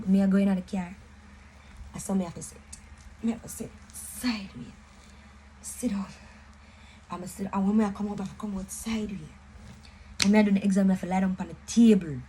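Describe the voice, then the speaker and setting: A young woman with a Jamaican accent, casually telling a personal story in an animated, emphatic way, mixing patois and English. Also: on the low side, a little hiss or hum, rough recording. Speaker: vlogger.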